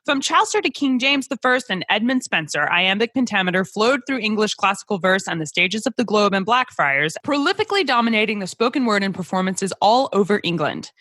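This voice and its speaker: A woman podcast host reading a scripted introduction and asking interview questions in a lively, emphatic way. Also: medium pitch, a little fast, hardly any pauses, no room sound. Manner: reads in a lively, emphatic, sing-song way.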